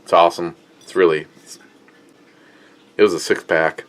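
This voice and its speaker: A man with a fairly low voice hosts a casual beer review vlog. He rambles off the cuff, fills his talk with "uh," and reads viewer comments aloud. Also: lively intonation, normal speed, long pauses, a bit bright. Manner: rambling, off-the-cuff, with many fillers.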